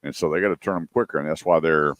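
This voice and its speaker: Very deep-voiced man hosting radio. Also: rapid-fire, a bit bright, dry recording, clean studio sound. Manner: tells joking prank stories, acting out voices. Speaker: radio show host. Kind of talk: casual radio chat and storytelling.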